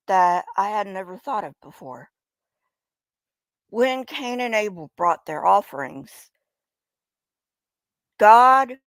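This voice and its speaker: Sarcastic woman giving slow blunt commentary. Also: mid-range voice, no room sound. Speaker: commentary streamer. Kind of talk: casual live-stream commentary.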